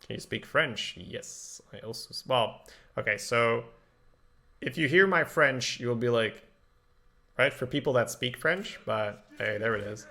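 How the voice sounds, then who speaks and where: Male game streamer, gravelly voice, mid pitch, chatty and thinking aloud. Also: unhurried, bright, forceful tone. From Belgium. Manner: chatty, thinks aloud while answering chat. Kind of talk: casual live-stream commentary.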